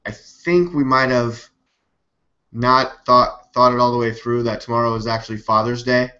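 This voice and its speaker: A man runs his own live news stream in loose, rambling commentary, skeptical and quick to swear. His voice has a bright, sharp edge. The audio sounds dull and lo-fi, like a cheap webcam mic. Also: mid-range voice, fairly even intonation. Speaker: live news show host.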